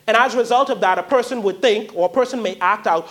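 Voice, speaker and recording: A man's voice: sits high, fast talker, few pauses, a bit bright. A man preaching a sermon, emphatic and pleading, repeating key phrases for weight.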